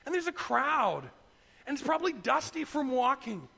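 A middle-aged man preaching a sermon, retelling a story in an animated way and acting out the voices. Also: very high voice, normal speed, creaky, long reverb tail. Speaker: pastor.

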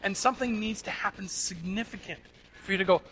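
A man preaching a sermon in an earnest, emphatic way, swinging between loud stressed words and soft asides. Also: high-pitched, brisk, low-quality recording. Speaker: pastor.

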